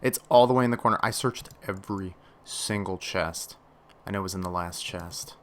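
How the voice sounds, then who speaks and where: Young dude rambling over his game, lowish voice, mutters then gets all hyped. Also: moderate pace. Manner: chatty, swings from low mutters to excited outbursts. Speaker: gaming channel host. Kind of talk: casual gameplay commentary.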